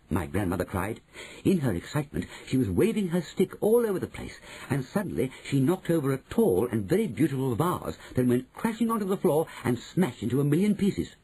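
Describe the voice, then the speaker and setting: Husky, dark-voiced male audiobook narrator. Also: mid-range voice, wildly swooping pitch, a little fast, poor audio. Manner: storytelling, first person.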